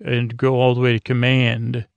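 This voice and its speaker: A restless middle-aged starship officer, as a man voices him, pleading in a flat, gravelly, unhurried way. The voice stays low-key and sleepy, with a dry, close sound. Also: dry recording, lo-fi sound, close to an everyday voice. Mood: earnest. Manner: drowsy, halting paraphrase.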